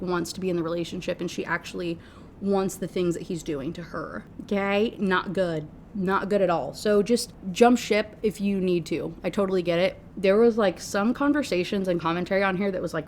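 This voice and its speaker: A woman's voice: mid-range voice, slight background noise. Sarcastic American woman ranting. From United States. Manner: sarcastic and animated. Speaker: book reviewer. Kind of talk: ranting book review.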